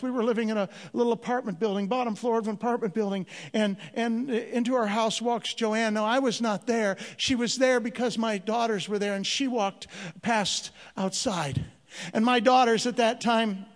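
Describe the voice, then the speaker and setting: A man who is a Christian missionary tells his story to an audience in an earnest way, often repeating words as he presses a point. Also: extremely high pitch. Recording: long reverb of a large hall.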